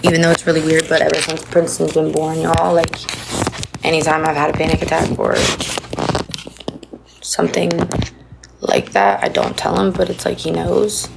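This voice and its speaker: A woman's voice: sits low, moderate pace, gravelly, long pauses, noisy background. A young woman in her twenties, talking through a rambling, emotional confession on a phone stream from home. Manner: rambling, emotional, many fillers. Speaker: livestreamer. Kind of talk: confessional casual talk.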